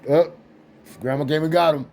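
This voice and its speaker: Man, high voice, mellow tone, casual storytelling, repetitive, insistent. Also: fairly even intonation, normal speed, creaky. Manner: repetitive, restarts phrases, insistent. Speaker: grandson telling a family story.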